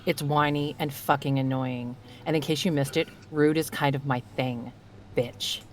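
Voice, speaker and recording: Brash, foul-mouthed woman with a low voice. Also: fairly even intonation, normal speed. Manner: brash, profane. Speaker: player. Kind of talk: tabletop game play.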